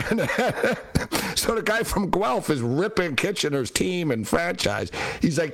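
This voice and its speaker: A man's voice: a little high, animated, moderate pace. A middle-aged man hosting a casual livestream chat, rambling through stories with lots of fillers, blunt and sarcastic. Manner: rambling storytelling with many fillers. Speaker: show host.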